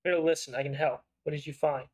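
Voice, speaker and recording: Brief: man voicing a smooth, persuasive investigative writer; slightly high, coaxing. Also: fairly even intonation, fast talker, darkish tone, natural voice, low-quality recording. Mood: probing. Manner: smooth-talking and probing.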